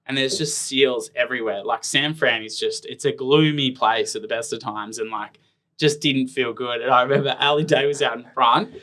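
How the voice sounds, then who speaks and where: The Tasmanian man, a thirty-something professional ironman, rambles through stories as a casual interview guest, dropping "like" constantly. His mid-range voice sounds pushed and bright, with fairly even intonation at a moderate pace.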